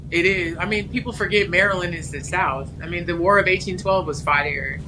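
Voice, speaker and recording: A woman's voice: lowish voice, a little fast. Frank Californian woman over a noisy line. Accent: West Coast American. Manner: candid, frank, hesitant with many ums. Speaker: guest writer. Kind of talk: casual interview chat.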